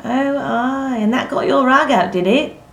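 A woman's voice: sits high, a little slow, a bit bright, voice pushed up. A woman reading aloud, voicing a stubborn young male farmer who talks in plain rustic dialect, recorded in an echoey room with faint noise. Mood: teasing.

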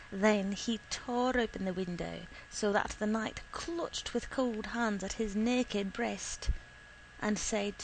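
Very slow woman reading a story. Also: mid-range voice, gravelly, a little hiss or hum, poor audio. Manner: slow, measured, deliberate. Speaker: reader.

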